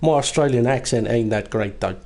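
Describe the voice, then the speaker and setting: Guy calling a sim race, mid pitch, laid back and explaining stuff. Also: fairly quick, darkish tone, slight background noise. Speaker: lead commentator. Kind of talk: sim racing commentary.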